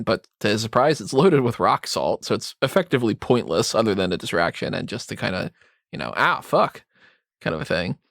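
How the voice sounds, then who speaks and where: A man's voice: lowish voice, a bit bright, no room sound, clean studio sound. A man co-hosting a casual movie-review podcast, recapping the plot and laughing often. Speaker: podcast co-host.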